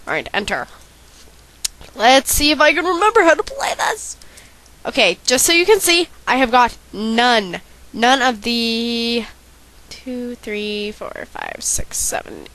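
A teenage girl chatting through a horror-game let's play at an easy, unhurried pace. Her voice is high and swoops widely, chatty and self-deprecating. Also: a bit bright. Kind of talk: casual game commentary with read-out dialogue.

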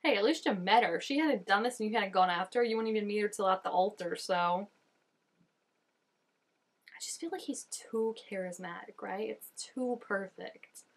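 Speaking at a normal speed in a mid-range voice, this young woman offers casual reaction commentary as a video host. She's chatty and leans heavily on "like" as a filler.

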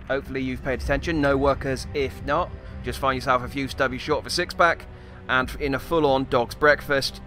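A man's voice: mid-range voice, sharp tone, natural voice. A man putting on a hammy Australian accent to play a brash outback survival-guide bloke, full of slang, during gaming commentary. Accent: put-on Australian. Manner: hammy, slang-heavy, exclaiming "crikey".

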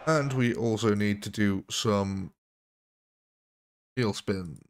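A man's voice: fairly low pitch, slow, a little hiss or hum. A British man hosting a live gaming stream, commenting on the battle in a jokey, chatty way and answering his viewers. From Britain. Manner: jokey, chatty, replies to chat. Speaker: livestream host.

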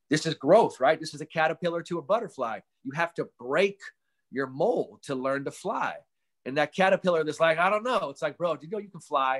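Animated man swearing casually over video call. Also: a little high. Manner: animated storytelling, swears casually, acts out quotes. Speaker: mental performance coach, guest.

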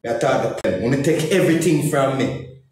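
A man's voice: medium pitch, expressive, a little fast, darkish tone. A man with a Jamaican accent venting heatedly on social media, cursing and repeating himself as he speaks in Patois. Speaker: comedian and YouTuber. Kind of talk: angry social media rant. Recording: very echoey room.

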